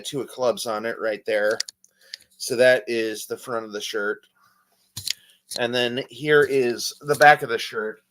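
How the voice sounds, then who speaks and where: A man chatting casually in a vlog, rambling with many fillers and restarts, telling stories in an animated way. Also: mid-range voice. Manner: animated storytelling. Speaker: vlogger and amateur magician.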